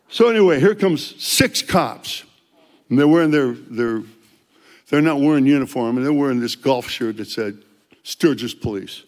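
An older man, a street evangelist, telling testimony stories in an animated way and loudly acting out the dialogue. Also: mid-range voice, moderate pace, long reverb tail. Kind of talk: storytelling testimony.

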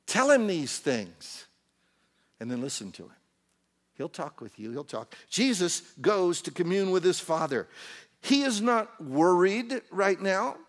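A man delivers an animated sermon in a church. His voice sits high and leaps widely in pitch. He moves from loud to hushed and slips into acted-out voices as he preaches. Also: a little slow. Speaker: pastor.

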